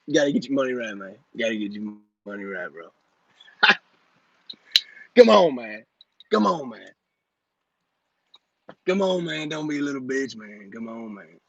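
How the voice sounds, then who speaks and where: A man's voice: medium pitch, sing-song, normal speed, creaky, pauses often, muffled recording. A man doing an impression of a pushy male money coach who hectors his listeners in a brash, bullying way. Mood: hectoring.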